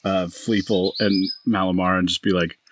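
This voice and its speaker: A man's voice: low-pitched, level tone, moderate pace, slight background noise. A man playing a tabletop game, casual and playful. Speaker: player. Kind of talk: casual chat.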